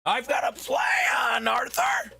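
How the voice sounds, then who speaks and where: A hoarse man doing a shouted impression of a desperate outlaw gang leader, his strained voice cracking. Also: very high voice, wildly swooping pitch, slow pace, some chatter behind, voice pushed up, full character voice.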